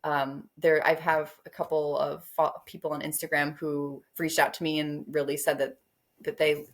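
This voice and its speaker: Woman author chatting in an interview, kinda low voice, rambles and laughs a lot. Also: flat delivery, moderate pace. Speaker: guest author. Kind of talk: casual interview chat.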